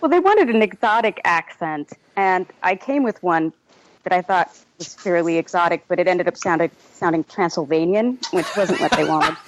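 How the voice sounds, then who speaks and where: A woman chatting on a podcast, her pitch rising and falling with lively animation as she tells a story. She laughs easily through it, and a faint hiss sits under her voice. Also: moderate pace, low-quality recording. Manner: animated, laughs while telling stories. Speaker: guest actress. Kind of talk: casual podcast chat.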